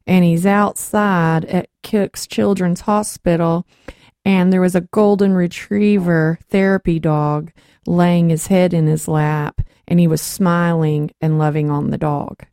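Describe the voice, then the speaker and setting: A woman hosting a Christian talk show, telling a faith story in a lively way and acting out the voices she quotes. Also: lowish voice, unhurried, clean tone, no echo, studio quality.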